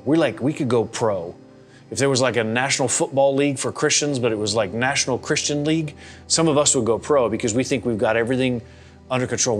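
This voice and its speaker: Casual, animated man teaching the Bible. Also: mid-range voice. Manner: conversational, animated, acts out people's reactions. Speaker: pastor. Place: church gathering.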